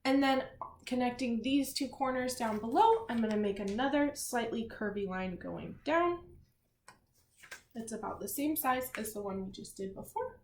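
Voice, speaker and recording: A woman teacher giving a children's word lesson, slowly spelling and reading words aloud and giving gentle drawing instructions. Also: fairly high pitch, lively intonation. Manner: slow, gentle classroom instruction with spelled-out letters. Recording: echoey room with faint noise.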